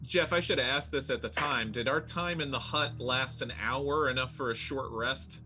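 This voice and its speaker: Bright-voiced male player. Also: mid-range voice, moderate pace, soft background music. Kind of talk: casual play talk.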